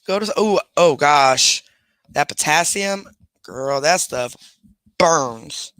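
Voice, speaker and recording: Lying in bed at home, a man hosts a casual live stream, rambling chattily through stories and pausing to talk to his pets. His voice is a little high, animated, a bit bright, and smooth, at a slow pace with no room sound.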